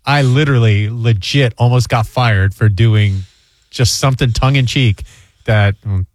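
Rambling middle-aged radio host, dry sound. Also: male voice, medium pitch, measured pace, dry recording. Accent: New York. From New York. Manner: rambling storyteller, self-deprecating. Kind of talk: casual radio chat.

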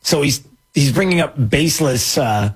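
A man hosting an opinion commentary show, talking in a sarcastic, mocking and animated way. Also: fairly high pitch, moderate pace, slightly rough.

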